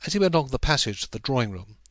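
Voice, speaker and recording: A classic novel is read aloud by a male audiobook narrator at medium pitch. He tells the story in a calm, even, measured way, captured in a dry recording.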